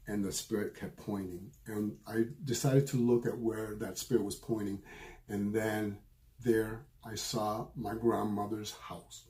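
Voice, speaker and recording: A middle-aged man, a spiritual medium, telling a personal story in an earnest, emotional way, often halting and repeating his phrases. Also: on the low side, level tone, mellow.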